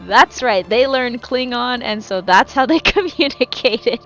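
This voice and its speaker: A woman's voice: fairly high pitch, animated, a little slow, fairly bright tone, highs cut off, faint music behind. Rambling, foul-mouthed woman streamer. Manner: rambling, swears freely, self-correcting. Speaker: game streamer. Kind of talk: casual live-stream chat while gaming.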